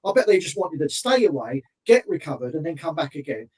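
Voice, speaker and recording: High, husky man, scornful and frustrated. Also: very animated, a little fast, a little mellow, distant mic, poor audio. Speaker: podcast co-host. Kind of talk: casual football podcast chat.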